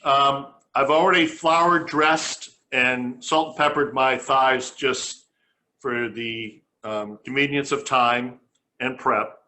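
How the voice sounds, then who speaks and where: Male cooking host, bright crisp timbre, homespun and conversational. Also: mid-range voice, steady tone, slow. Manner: chatty, homespun, stops and restarts phrases. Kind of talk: casual cooking demonstration.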